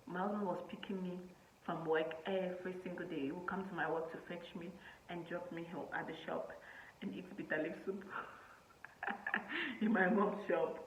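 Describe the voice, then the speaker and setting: Nigerian woman in her 20s vlogging, chatty storytelling, roomy echo, faint hum behind. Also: on the low side. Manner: chatty, animated, laughs often, many fillers. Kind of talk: casual storytelling to camera.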